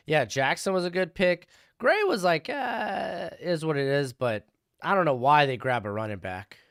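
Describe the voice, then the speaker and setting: A young man hosts a live stream from home and chats offhand about each pick while answering questions from his viewers. His pitch swings up and down a lot as he talks. The voice comes through clean and smooth. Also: big pitch swings, normal speed, fairly bright tone. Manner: chatty, answers chat questions, offhand opinions. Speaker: live stream host reacting to draft. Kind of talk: casual live-stream commentary.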